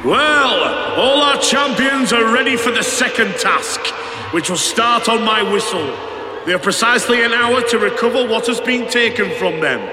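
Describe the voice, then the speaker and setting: A man voicing a hearty, jovial middle-aged tournament official who booms out announcements in an audiobook reading. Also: normal speed, pushed and bright, reverberant, big-room sound, full character voice, rough recording. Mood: booming.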